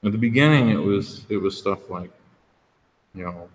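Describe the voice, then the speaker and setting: Man speaking at a recovery meeting podium. Frank, conversational testimony, fairly low voice, long reverb in the room. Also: moderate pace. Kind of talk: candid personal testimony. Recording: reverberant room with faint background noise.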